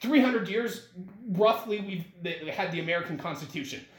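A man in his twenties talking rambly and excitedly with his father, swearing a lot and saying "like" often. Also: high voice, normal speed. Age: 20s. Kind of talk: casual heart-to-heart conversation. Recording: roomy echo with faint noise.

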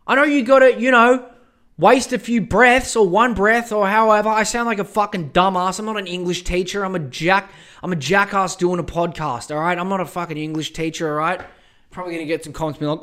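A man hosting a casual podcast, ranting in a profane, excitable way that often turns exasperated. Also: high voice, normal speed. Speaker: podcast host.

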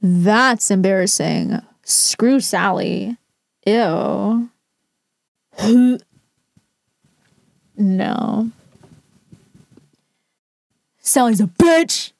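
A woman's voice: medium pitch, very slow, creaky, pauses often, a little mellow, dry recording, clean studio sound. A woman rating and reacting to stories in casual commentary, blunt and sarcastic with frequent swearing. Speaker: storytime reactor.

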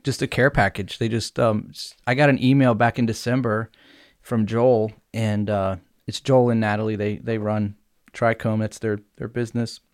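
A man's voice: fairly low pitch, flat delivery, moderate pace, smooth, dry recording, clean studio sound. A young man hosting a casual podcast, joking around and laughing often. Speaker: podcast host. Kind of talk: casual chat.

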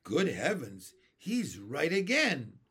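A man's voice: fairly high pitch, very animated, takes it slowly, pitched above the performer's own voice, full character voice. A man reading aloud and voicing a kindly, fatherly old male grasshopper in a storybook. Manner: fatherly, reassuring.

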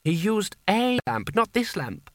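A man's voice: high voice, sing-song, unhurried, fairly bright tone, no room sound, clean studio sound, voice pushed up, exaggerated voice. A man doing a prim, flowery old-style ruler. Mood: pompous. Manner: prim, ornate compliments. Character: pompous flowery-speaking rich male ruler.

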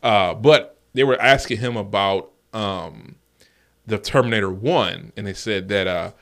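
A man's voice: on the low side, unhurried, a bit bright. A man co-hosting a podcast, chatting about movies in a loose, rambling way with lots of ums and restarts. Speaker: podcast co-host. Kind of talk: casual movie chat.

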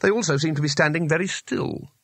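A man narrating a comic fantasy audiobook in a measured, expressive storytelling manner. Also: on the high side, vocal fry, no echo. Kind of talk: scripted narration.

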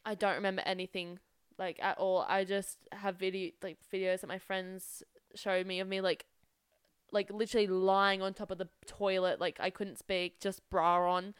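A young woman chats as a podcast co-host, her voice very clean and smooth. She tells stories loosely, with plenty of "like" and casual swearing. The sound is close and dry. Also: medium pitch, flat delivery, normal speed, no echo. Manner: chatty storyteller, lots of "like", swears freely. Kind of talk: casual chat.

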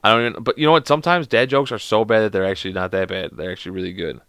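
A man's voice: lowish voice, racing, a bit bright, dry recording, clean studio sound. A man reading bad jokes aloud to his viewers, swearing a lot, laughing at the jokes and mocking himself. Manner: self-deprecating, exasperated. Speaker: video host.

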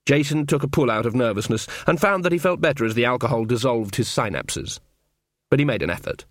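A man's voice: medium pitch, animated, a little fast, no echo. A man narrating an audiobook in a dry, wry storytelling manner. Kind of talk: scripted narration.

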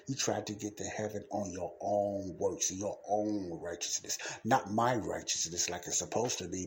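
A man hosting his own podcast, talking in a fervent, repetitive way that moves between heated ranting and quiet, earnest preaching. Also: fairly low pitch, slight background noise. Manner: fervent, repetitive, shifts from ranting to soft pleading. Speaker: podcast host. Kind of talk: casual preaching monologue.

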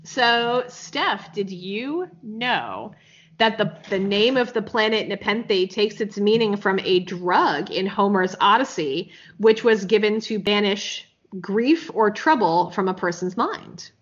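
A woman's voice: mid-range voice, animated, slow. A woman co-hosting a casual podcast, recapping a TV episode in a frank, sarcastic way and swearing freely. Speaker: podcast co-host. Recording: slightly dull, lo-fi podcast audio.

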